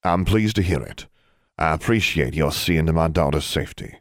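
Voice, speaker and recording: A ghostly father speaks in a deep, low voice, courteous and measured, as a man acts him out. The delivery is calm and unhurried in a dry storybook reading. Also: no room sound. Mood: gentle. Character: tall bearded male ghost father, deep and composed.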